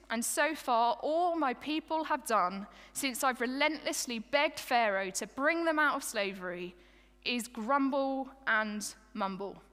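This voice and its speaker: A woman's voice: high-pitched, a bit bright, clean tone, big-room sound, full character voice. A woman voicing Moses in the first person, a worn-out male leader who is exasperated with his grumbling people and pleads with God. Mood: weary.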